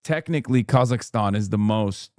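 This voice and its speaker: A man's voice: fairly low pitch, normal speed, darkish tone, dry recording, clean studio sound. A man giving casual live-stream commentary on a video, with blunt, joking asides and swearing.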